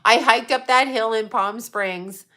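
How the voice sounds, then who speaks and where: A woman's voice: a little high, measured pace, pushed and bright. A woman in her fifties chatting casually on a livestream, blunt, sarcastic and profane, laughing often as she answers viewers. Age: 50s. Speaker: psychic medium and livestream host.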